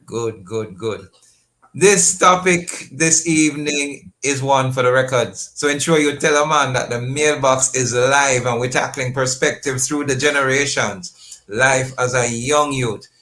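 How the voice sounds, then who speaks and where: A man with a Jamaican accent hosting a radio talk show, upbeat and lively, dropping in patois phrases. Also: medium pitch, measured pace. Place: radio studio.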